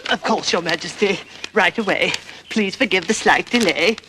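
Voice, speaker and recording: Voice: medium pitch, moderate pace, noisy background, natural voice. An actor playing an anxious rabbit servant in a children's TV musical comedy, flustered, stammering and overly polite, speaking in rhymes.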